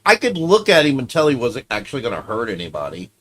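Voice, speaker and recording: A man's voice: mid-range voice, huge pitch swings, fast talker, a bit bright. A man streaming casually, reacting to clips with offhand, profane commentary.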